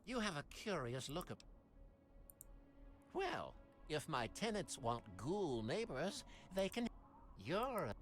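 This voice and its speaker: A woman's voice: deep voice, big pitch swings, slow pace, pauses often, soft background music, heavily acted. A woman voicing a wry landlady character in a video game, musing aloud about her tenants.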